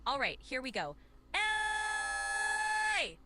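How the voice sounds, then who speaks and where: Synthetic woman voice, AI assistant, high-pitched, very expressive pitch, polite and upbeat. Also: fairly quick, noisy background. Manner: polite, upbeat and accommodating, stretched vowel shouts. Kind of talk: cheerful assistant replies.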